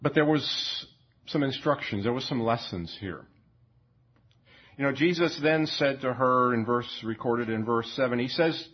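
A man preaching a sermon in a slow, reflective way, often repeating words and pausing with fillers. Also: medium pitch, husky. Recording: dull lo-fi recording.

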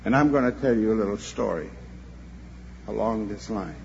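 A man's voice: on the low side, normal speed, vocal fry, darkish tone. An older man preaching a sermon to a convention. He tells a story earnestly and sometimes repeats himself as he goes. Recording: dull lo-fi recording with faint hum.

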